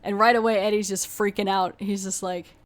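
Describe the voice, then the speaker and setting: A woman's voice: mid-range voice, flat delivery, a little fast. Podcast lady rambling through a plot recap, lots of "like" and "you know". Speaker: podcast host. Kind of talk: casual plot retelling.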